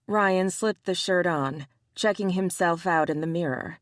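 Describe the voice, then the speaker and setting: A woman narrating an audiobook romance in a measured, even reading style. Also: on the low side, dry recording, clean studio sound. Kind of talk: scripted narration.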